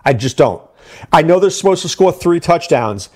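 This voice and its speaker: Animated man giving fantasy football picks. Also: on the high side. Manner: animated, fast asides and self-repeats. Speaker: fantasy sports analyst.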